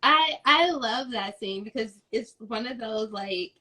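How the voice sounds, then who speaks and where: A woman's voice: on the high side, lively intonation, unhurried, pushed and bright, low-quality recording. A woman interviewing an actress, reading out fan questions and chatting along with laughs. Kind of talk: casual interview chat.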